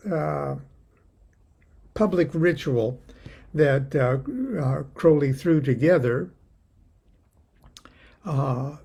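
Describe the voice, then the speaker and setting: An older man hosting a casual chat, rambling and halting with many fillers. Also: a little high, gravelly, a little mellow, slightly rough. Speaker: host.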